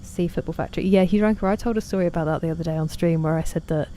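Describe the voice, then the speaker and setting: A woman's voice: lowish voice, fairly even intonation, racing, mellow, a little hiss or hum. A woman chatting casually while streaming a game, reading and answering chat in a self-deprecating way.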